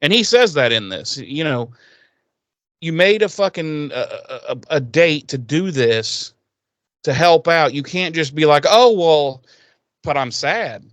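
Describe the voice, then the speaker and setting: A man co-hosting a podcast who recaps a TV episode in casual, profane talk, laughing often and getting animated. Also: a little high, a little slow, no room sound. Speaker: podcast co-host.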